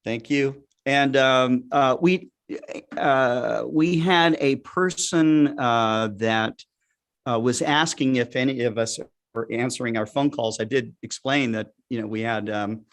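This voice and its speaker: A middle-aged man from Texas hosting a live stream, chatting casually and rambling through lots of fillers and restarts. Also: mid-range voice. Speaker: host.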